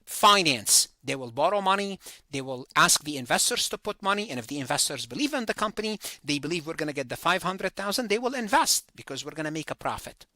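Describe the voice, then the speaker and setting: A man's voice: a little high, sing-song, fast, bright, forceful tone, no room sound. A man giving a recorded accounting lecture, thinking aloud, repeating and correcting himself as he works through figures.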